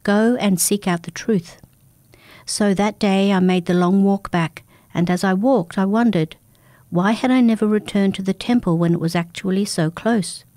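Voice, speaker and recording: A woman narrating a first-person folk tale in a calm, measured, intimate manner. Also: medium pitch, no echo. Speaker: storyteller.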